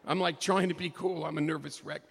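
A middle-aged man telling a humorous personal story to an audience, animated and excitable, with jokey asides. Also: a little high, fairly quick, vocal fry, husky, in a large hall.

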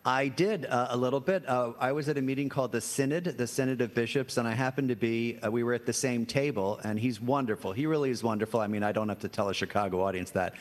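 A man's voice: medium pitch, fast talker, hardly any pauses. A man in his sixties, a priest guest, telling anecdotes with self-deprecating chuckles. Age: 60s. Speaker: priest guest on a comedy quiz show. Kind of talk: storytelling interview answers.

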